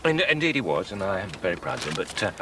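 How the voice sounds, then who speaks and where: A pompous, fussy middle-aged father who talks in stiff, formal phrases. His pitch rises and falls a great deal. The mic sits a little distant, with street noise behind him. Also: big pitch swings, fast.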